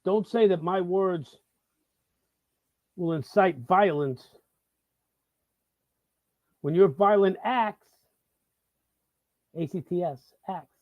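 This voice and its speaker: A man's voice: high-pitched, very slow, long pauses, no echo, narrow, tinny audio. A middle-aged man from the Bronx with a New York accent, hosting a live talk-show monologue, swearing freely and repeating himself in heated bursts. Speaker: host.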